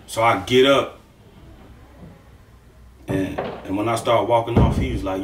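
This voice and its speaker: A man's voice: fairly low pitch, measured pace, long pauses, a little hiss or hum. Profane man telling a story in an echoey room. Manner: profane, emphatic, animated with sound effects. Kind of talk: casual storytelling. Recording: echoey room, far from the mic.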